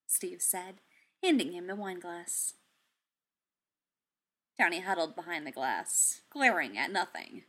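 A woman narrating a piece of fan fiction aloud, with expressive storytelling. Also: lowish voice, slow, pauses often.

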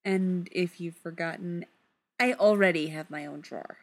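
Woman doing a calm, teasing grown man. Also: normal speed, close to an everyday voice. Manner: calm, low-key and amused.

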